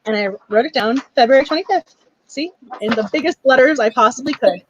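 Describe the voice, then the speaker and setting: A woman's voice: sits high, fairly quick, highs cut off, noisy background. A young woman hosting a book club live stream, chatting casually and gushing, with many laughs and fillers.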